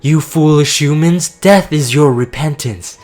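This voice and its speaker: A man doing a lofty goddess from a game story, slightly raised and loud as she calls on others. Her lines are slow, stern commands. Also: on the high side, faint music behind, voice pushed up. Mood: commanding. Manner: declaiming, commanding.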